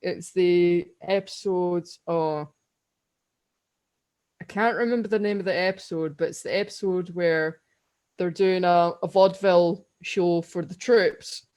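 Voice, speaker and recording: A woman's voice: fairly low pitch, steady tone, unhurried, a little mellow, smooth. A young Scottish woman co-hosting a podcast, telling long stories in casual chat and laughing often. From Scotland. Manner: rambling, giggly storytelling. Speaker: podcast co-host.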